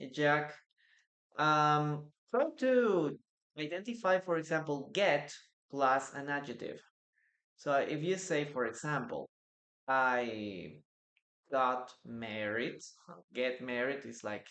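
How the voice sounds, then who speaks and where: Patient teacher-man explaining example sentences. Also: on the high side. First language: Spanish. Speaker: English teacher. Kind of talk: live online English class.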